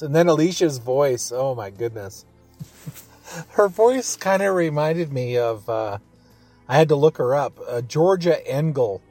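A man with a slightly high, darkish voice hosts a podcast and reviews a radio adaptation. His casual review chat rambles along with lots of chuckles and filler words.

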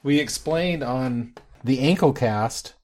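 A male podcast host talks slowly in a relaxed, chatty way. His voice is middle-pitched and he often pauses on fillers. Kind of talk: casual podcast chat.

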